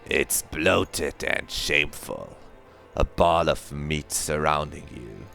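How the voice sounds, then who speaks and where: Guy doing a super deep slow creepy inner voice from a game, all hushed and solemn. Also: lively intonation, vocal fry, faint music behind, exaggerated voice. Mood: ominous. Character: ancient primal inner voice, slow and brooding. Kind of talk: voicing a game narrator aloud.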